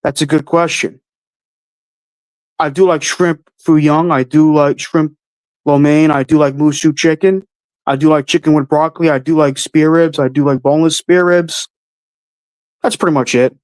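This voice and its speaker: A man's voice: fairly high pitch, steady tone, normal speed, a little mellow, smooth, no room sound. A man hosting a livestream, answering chat questions with blunt, offhand opinions and casual swearing. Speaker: host answering live chat.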